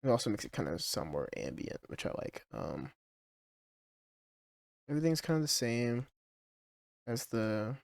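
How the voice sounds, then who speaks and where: A male music producer casually talking through a song project, hesitant and full of fillers, with his track playing clearly underneath. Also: medium pitch, very animated, measured pace, pauses often, dry recording, clean studio sound. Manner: hesitant, full of ums and likes.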